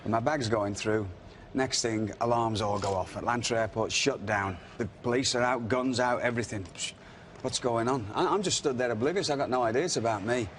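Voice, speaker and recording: A man's voice: mid-range voice, a little fast, few pauses, slight background noise. A middle-aged man, telling wrestling anecdotes in casual chat and acting out the quotes. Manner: animated anecdotes with acted-out quotes. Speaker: wrestling podcast guest. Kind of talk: casual storytelling.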